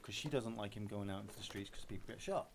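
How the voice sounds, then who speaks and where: A man's voice: lowish voice, fast talker. Man streaming with noisy audio. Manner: animated, emotional storytelling. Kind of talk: casual live-stream chat while gaming.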